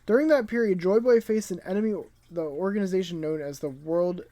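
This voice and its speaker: A man voices an old male genius scientist from a comic, reading briskly in a formal, lecturing storyteller tone that's a little higher and louder than his natural voice. It's lightly acted with a solemn, lecturing mood.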